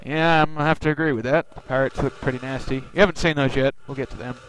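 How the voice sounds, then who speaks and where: A man's voice: mid-range voice, steady tone, fast talker, slight background noise, low-quality recording. A man hosting a let's play, giving casual gameplay commentary full of rambling, wry asides.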